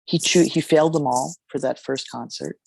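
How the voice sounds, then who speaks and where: A jazz singer, a woman, telling a story in an interview in an expressive, halting way with fillers. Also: sits low, vocal fry, husky, no echo.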